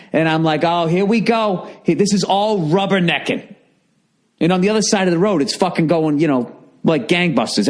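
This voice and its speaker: Profane, ranting man with a high voice. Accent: Boston. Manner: profane, exasperated, animated ranting. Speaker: podcast host. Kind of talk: comedic storytelling rant.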